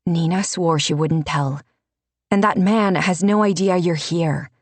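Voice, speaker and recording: A woman's voice: on the low side, a little slow, no room sound. Woman voicing an earnest young heroine.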